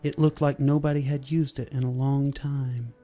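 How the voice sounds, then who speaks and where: A man narrating a story in a measured, steady reading voice, with soft music behind. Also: medium pitch.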